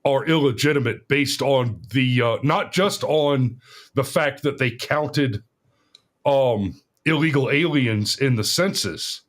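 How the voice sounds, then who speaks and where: A man's voice: mid-range voice, takes it slowly. A middle-aged man co-hosting a podcast, talking casually about politics in a rambling way, often restarting his sentences. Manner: rambling, restarts often, laughs at own stories. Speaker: podcast co-host.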